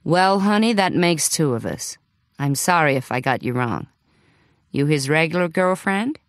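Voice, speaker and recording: A man's voice: fairly high pitch, lively intonation, normal speed, no room sound, clean studio sound. A woman doing a blunt American boss. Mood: softened. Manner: blunt, impatient, folksy. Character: gruff American male boss on phone. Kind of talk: audiobook character voice.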